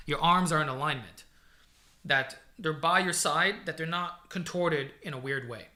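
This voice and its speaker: A fitness coach answers viewer questions on a casual live stream, chatty and full of energy. His voice sits fairly high for a man and comes across bright and forceful. He talks into a desk mic that he sometimes drifts away from. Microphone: desk microphone he sometimes leans away from.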